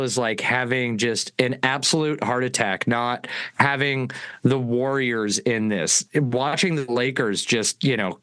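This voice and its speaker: A man co-hosting a sports podcast in casual chat, opinionated and ranting with halting restarts. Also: medium pitch, a bit bright, dry recording. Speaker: podcast co-host.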